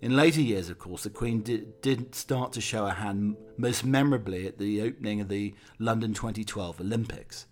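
A man reading a scripted documentary narration in a measured, anecdotal storytelling way. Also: on the low side.

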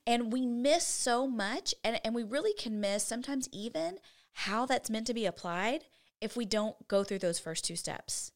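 A woman's voice: fairly high pitch, lively intonation, moderate pace. A woman co-hosting a casual faith podcast, earnestly teaching Bible study steps one at a time. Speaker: podcast co-host.

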